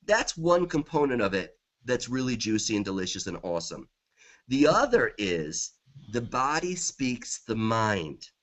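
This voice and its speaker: A man's voice: mid-range voice, a bit bright. A middle-aged man, a guest author in a conversational interview, talking with enthusiasm and repeating affirmations.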